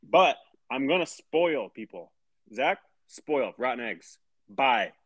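A man's voice: mid-range voice, very animated, takes it slowly, no room sound. A man co-hosting a casual podcast, laid-back and wisecracking with some swearing. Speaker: podcast co-host.

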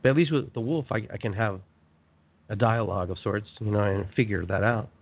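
A man's voice: lowish voice, fairly quick, gravelly, breathy edge. Man talking over a tinny phone line. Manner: animated, conversational, repeats phrases for emphasis. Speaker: radio show host. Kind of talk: motivational spiritual monologue.

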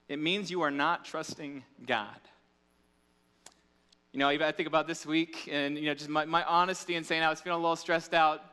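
A man's voice: high-pitched, sharp tone. A man in his thirties, a pastor preaching a sermon in a conversational, candid way. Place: church. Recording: reverberant church hall.

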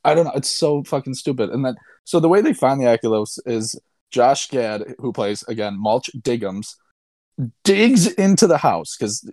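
A man's voice: mid-range voice, expressive, moderate pace, a little mellow, dry recording, clean studio sound. A young man casually and sarcastically recapping a movie he disliked, rambling and swearing as a podcast co-host. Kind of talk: casual chat.

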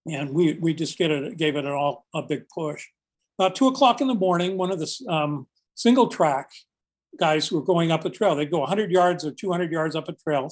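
Earnest older man telling a rescue story. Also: a little high. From United States. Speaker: search and rescue volunteer, guest. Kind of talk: casual podcast storytelling.

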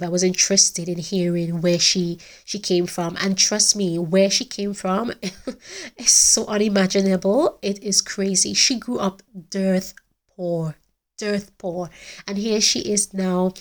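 Middle-aged woman host, earnest and heartfelt casual podcast delivery. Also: mid-range voice. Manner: earnest, heartfelt, many restarts. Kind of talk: casual faith-based podcast talk.

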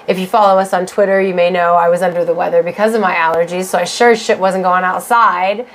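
A woman's voice: fairly low pitch, fairly even intonation, quick pace, a little hiss or hum. A woman co-hosting a podcast, talking casually with lots of fillers and frequent swearing. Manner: chatty, swears freely, many fillers. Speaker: podcast co-host. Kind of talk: casual chat.

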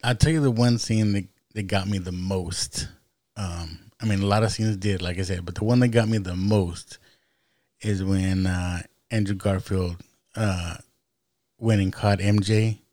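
A man in casual chat, soft-spoken and trailing off as he talks. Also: sits low, fairly even intonation, measured pace, dry recording, clean studio sound.

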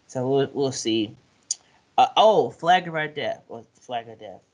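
A man co-hosting a casual podcast chat, talking loosely and laughing as he retells TV scenes. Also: a little slow. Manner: animated, laughing, acts out scenes in high put-on voices. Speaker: podcast co-host.

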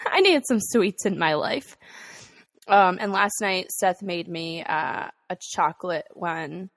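A woman's voice: medium pitch, a bit bright. A young woman co-hosting a podcast, chatting casually about her morning, laughing often and swearing now and then. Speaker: podcast co-host. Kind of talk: casual chat.

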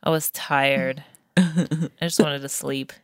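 A woman telling a story in casual chat among friends, animated and laughing often. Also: a bass voice, takes it slowly, clear, resonant tone.

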